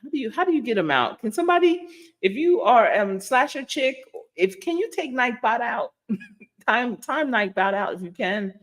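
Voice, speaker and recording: A woman's voice: a little high, moderate pace. A middle-aged woman hosting a casual livestream as a life coach, telling stories, laughing often and acting out the voices of the people in them. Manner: animated, laughs often, acts out quoted voices. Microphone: livestream setup.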